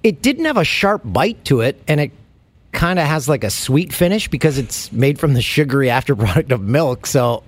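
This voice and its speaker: A man's voice: mid-range voice, sing-song, moderate pace, no room sound. A man co-hosting a podcast, telling stories in a dry, wry way. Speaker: podcast co-host. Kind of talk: casual comedic chat.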